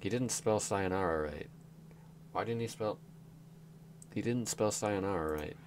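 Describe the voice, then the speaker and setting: A man's voice: lowish voice, unhurried, pauses often, a little hiss or hum. A young man giving hesitant, self-deprecating let's play commentary while sounding out words. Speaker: gaming YouTuber.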